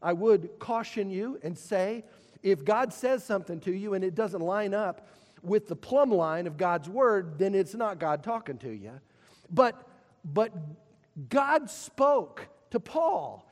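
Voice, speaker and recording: A man preaching a sermon as pastor, repeating and pausing, swinging from loud calls to hushed lines. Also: high voice. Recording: long reverb of a church hall.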